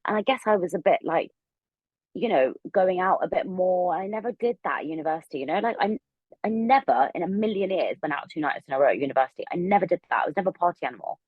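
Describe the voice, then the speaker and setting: A young woman telling a long story as a podcast guest, rambling and animated with plenty of fillers. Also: on the low side, quick pace, dry recording, phone-quality sound. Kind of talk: casual storytelling interview.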